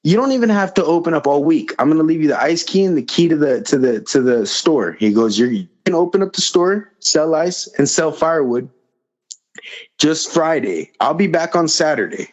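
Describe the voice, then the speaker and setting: A man's voice: a little high, animated, moderate pace, darkish tone. A man as a podcast guest, telling a personal story in a rambling way, repeating phrases and acting out the dialogue. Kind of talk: casual storytelling. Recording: slightly dull lo-fi audio.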